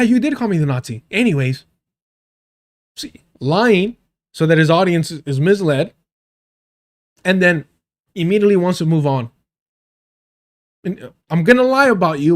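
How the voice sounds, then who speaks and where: A man with a fairly high, animated voice speaks at a normal speed, leaving long pauses. He's hosting a livestream, firing off sarcastic, profane reactions and talking straight to his chat.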